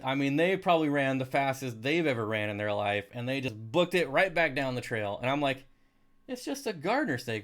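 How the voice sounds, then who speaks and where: A man's voice: mid-range voice, clean tone. Rambling, chatty man storyteller. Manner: rambling storyteller, many restarts and laughs. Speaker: live stream host. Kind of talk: casual chat.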